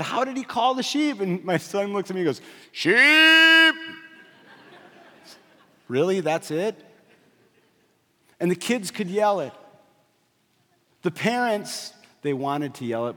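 A man in his thirties preaching a sermon, swinging from loud, emphatic peaks to hushed, low passages, with jokey asides and stories. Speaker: pastor. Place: church sanctuary. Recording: long reverb of a large hall.

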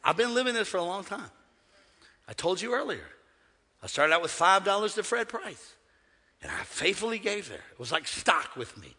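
A man preaching in a church with a high, brilliant voice that leaps all over its range. He swings from shouted declarations to hushed, joking asides with the congregation. A long reverb trails each phrase. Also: sing-song, moderate pace, slightly rough. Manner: humorous, conversational preaching. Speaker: pastor. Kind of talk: sermon. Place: church sanctuary.

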